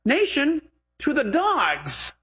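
A man voicing Jesus as a calm, measured teacher in a retold Bible story. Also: extremely high pitch, voice pushed up, full character voice. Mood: earnest.

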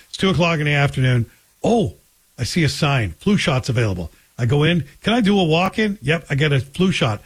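A man's voice: medium pitch, slightly rough. A middle-aged man hosting a talk radio show, telling wry, joking stories in a casual, conversational way. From Scotland.

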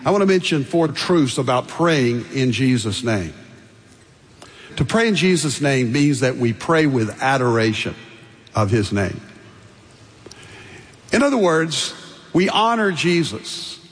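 A man's voice: medium pitch, big pitch swings, measured pace, long pauses, in a large hall. An older man preaching a sermon as pastor, emphatic, building through repeated lists and stressed phrases.

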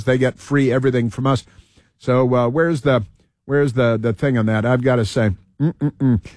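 A male talk show host who rambles through a heated political monologue, stumbling over fillers and restarting his sentences. His voice sits at an ordinary middle pitch. The sound is dry and close, with no room around it. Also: no echo.

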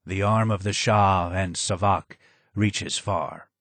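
A man voicing a broken, hidden older man who speaks in a low, hoarse voice, slow and grave, in an audiobook. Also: fairly even intonation, a bit bright, no room sound, exaggerated voice. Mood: grim. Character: broken, hidden old man, sad and wary. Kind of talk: audiobook character voice.

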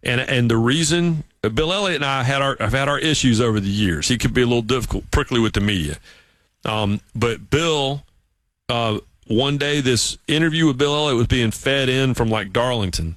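A man from South Carolina with a Southern accent, hosting a radio sports show and telling stories in a lively, animated way. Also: mid-range voice, normal speed, dry recording. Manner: animated storyteller, mimics voices. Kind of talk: casual radio chat and storytelling. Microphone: studio mic.

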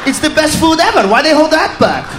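A man doing a stand-up comedy set, ranting loudly and profanely in a rowdy manner. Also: very high voice, sing-song, fairly quick. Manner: rowdy, profane, shouting rants. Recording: live club with crowd and noise.

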